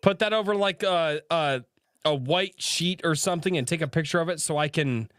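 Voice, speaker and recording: High, bright-voiced teasing podcast host. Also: male voice, normal speed, clean tone, no echo. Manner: teasing, crude, laughing. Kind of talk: casual podcast chat.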